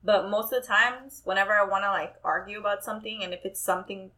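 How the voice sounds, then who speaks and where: A woman chatting casually who tells stories with lively acted-out quotes and casual swearing. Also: medium pitch, fast talker. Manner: animated storyteller, acts out quotes, swears casually. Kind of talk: casual chat.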